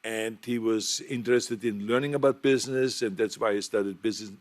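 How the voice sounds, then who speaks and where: A man's voice: fairly low pitch, steady tone, brisk. A man with a German accent, a talk show guest, chatting and laughing through anecdotes in a TV studio. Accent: German-accented English. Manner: chatty, laughs while telling anecdotes, repeats words. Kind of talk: casual talk show storytelling.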